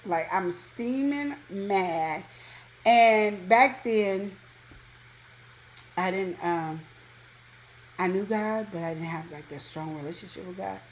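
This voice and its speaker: A woman casually telling a personal story on a talk show, acting out quotes with sudden high jumps in pitch. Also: takes it slowly, long pauses, slight background noise. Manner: animated, acts out quotes with big pitch jumps. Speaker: co-host.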